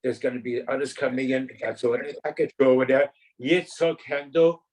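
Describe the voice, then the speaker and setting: A man's voice: fairly high pitch, low-quality recording. A man in his eighties from Canada, earnestly reminiscing in an interview with rambling anecdotes. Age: 80s.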